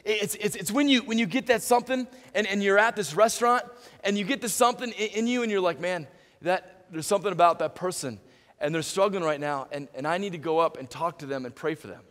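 A man preaching a sermon as pastor, animated, stumbling and restarting often, and acting out little dialogues. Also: sits high, fast talker. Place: church sanctuary. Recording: reverberant church hall.

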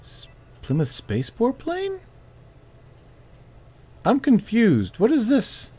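A man's voice: very high-pitched, huge pitch swings, slow, mellow, breathy edge. A man casually commenting while playing a space-building game, joking around and muttering to himself. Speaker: gaming streamer.

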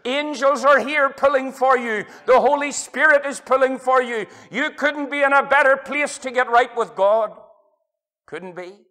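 At normal speed and with few pauses, a middle-aged Northern Irish preacher with an unusually high, bright, forceful voice delivers a passionate evangelistic sermon in a church hall. He swings between loud and hushed like a revival preacher and quotes scripture in antiquated phrasing.

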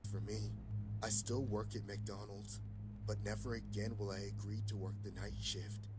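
A man narrating a scripted animated story in the first person with a dramatic storytelling manner. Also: fairly low pitch, moderate pace, loud music behind the voice.

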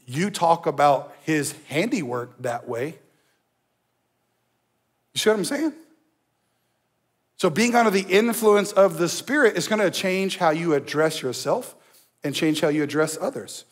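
A man's voice: on the high side, animated, a little slow, pauses often. A male pastor preaching a sermon in a conversational, emphatic way, with asides to the congregation. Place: church.

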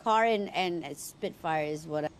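A woman's voice: sits low, a little slow. Hesitant woman teammate, noisy line. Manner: hesitant, reassuring. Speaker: streamer teammate. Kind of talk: casual game chat.

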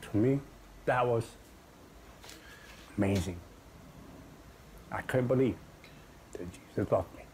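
A man's voice: mid-range voice, takes it slowly, long pauses, darkish tone, a little hiss or hum. A man giving an earnest, dramatic personal testimony about his past. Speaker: testimony speaker. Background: music.

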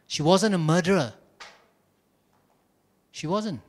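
A male pastor preaches to his congregation in an animated, storytelling way, mixing humor into his points. His voice sits a little high for a man, and he speaks into a stage microphone in a church. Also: normal speed, long pauses. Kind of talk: sermon. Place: church service.

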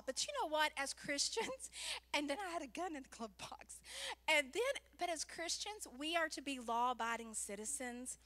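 Woman preaching in church, high voice, bright tone, animated storytelling. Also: moderate pace. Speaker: church speaker, pastor's wife. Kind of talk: sermon with personal storytelling.

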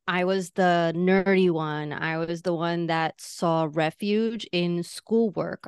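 A woman in her forties from Queens, New York, with a mild Latina-tinged New York accent, speaking as an animated, effusive podcast guest. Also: on the low side, smooth, dry recording, studio quality. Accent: New York with a slight Latina tinge. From Astoria, Queens, New York. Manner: animated, effusive, quick to laugh. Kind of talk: casual interview conversation.

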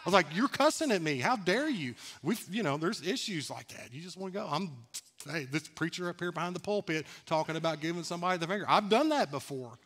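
A man's voice: fairly high pitch, expressive, fast talker, fairly bright tone. A man preaching a sermon as pastor in a church, talking candidly and conversationally, laughing at himself. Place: church sanctuary.

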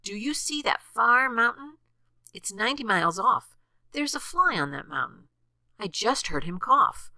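A woman's voice: a little high, big pitch swings, unhurried, bright, forceful tone, no echo, voice pushed up, full character voice. A woman voicing a boastful young male rabbit who brags about himself. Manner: bragging, puffed-up.

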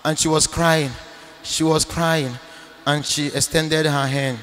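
Male priest, sermon; forceful, bright tone, insistent repetition, reverberant hall sound. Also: on the high side, flat delivery, slow pace. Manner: emphatic preaching with sudden loud bursts; repeats phrases for emphasis. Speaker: Catholic priest.

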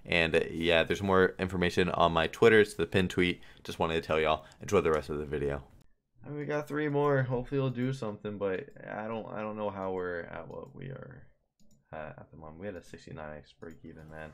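A young man commentating his own slot stream, pleading with the game, swearing and getting excited. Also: deep voice, fairly quick, gravelly. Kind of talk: live gambling stream commentary.

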